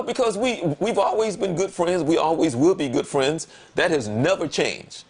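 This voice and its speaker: A man in relaxed conversation on a talk show, telling a personal story. He leans on words and repeats them for emphasis. When he acts out what he said, his voice leaps up animatedly. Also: a little high, moderate pace, gravelly, hardly any pauses, slightly rough. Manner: animated, voice jumps up when quoting himself. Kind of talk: casual conversation.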